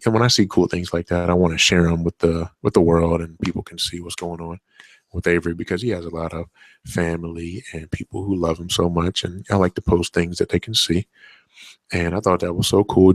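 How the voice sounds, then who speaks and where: A podcast host with a deep voice does a casual solo monologue, rambling through a story about his toddler son with many fillers and restarts. The recording has no room sound.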